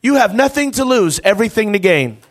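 A man preaching an altar call to a congregation, impassioned and rising to loud, fervent preaching, with a folksy "y'all.". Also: high-pitched, lively intonation, fairly quick. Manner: uses y'all, ain't. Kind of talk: revival altar call sermon. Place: church service with congregation.

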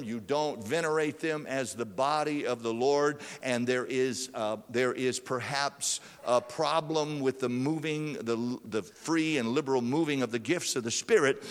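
Preaching man in an echoing church. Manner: preaching, rising in pitch and force for emphasis. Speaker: pastor. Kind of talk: sermon. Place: church sanctuary. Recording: long reverb of a church hall.

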